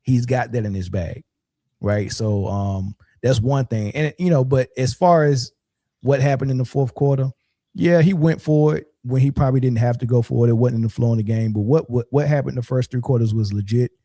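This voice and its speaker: A man with a warm, mellow voice talks in a loose, filler-heavy way. The sound is dry and close, with no room echo. He speaks as a podcast co-host in casual chat. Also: mid-range voice, a little fast.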